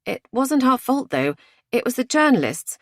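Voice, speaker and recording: A woman's voice: high voice, very animated, moderate pace, dry recording, clean studio sound, voice pushed up, exaggerated voice. A woman voicing an anxious, urgent woman on holiday in an audiobook thriller.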